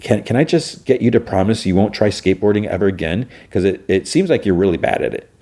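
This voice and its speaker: A man's voice: on the low side, lively intonation, fast talker, dark tone. A man voicing a middle-aged aunt who scolds and comforts her nephew in a raised voice. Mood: caring. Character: caring aunt, middle-aged woman, firm and warm.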